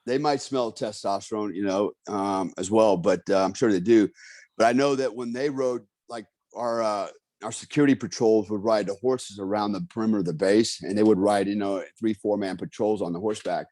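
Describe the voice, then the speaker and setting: A man's voice: on the low side, brisk, dry recording, clean studio sound. A man telling a story in a casual interview, swearing freely and acting out the voices of the people in it. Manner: profane, animated, acts out quotes. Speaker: guest.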